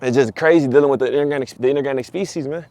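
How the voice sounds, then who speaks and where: Fast-talking, profane man ranting. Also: mid-range voice. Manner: profane, animated, repeats himself. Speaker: vlogger. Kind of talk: casual storytelling rant.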